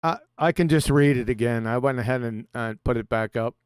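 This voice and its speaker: A man's voice: mid-range voice, brisk, smooth, no echo. A man hosting a livestream in a casual chat, reading text aloud with chuckles and sarcastic asides.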